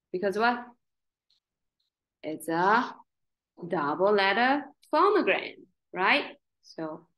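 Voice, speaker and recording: A woman gives a one-on-one phonics lesson, sounding out letters and syllables with care. She speaks slowly and deliberately. Her voice swings widely in pitch as she coaxes the child along. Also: rough recording. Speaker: spelling tutor.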